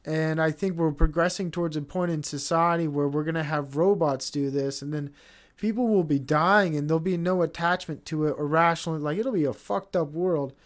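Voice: medium pitch, fairly even intonation, normal speed. Profane rambling podcast ranter. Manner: rambling, profane, ranting with many restarts. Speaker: podcast host. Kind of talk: casual solo podcast rant.

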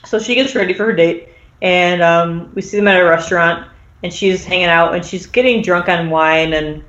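A woman recaps a story in loose, rambling casual chat, stacking fillers and jumping into the characters' voices. Her voice sits a little low for a woman. She sounds like she's in a roomy space on a dull, lo-fi recording. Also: fairly even intonation, moderate pace, fairly bright tone. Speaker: podcast host recapping an episode.

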